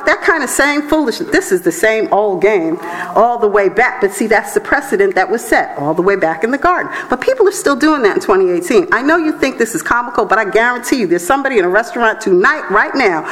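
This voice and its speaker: A woman preaches with a lively, swooping delivery, her voice sitting fairly high. She talks to the congregation conversationally and laughs often between points. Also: low-quality recording. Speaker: church elder preaching. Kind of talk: sermon.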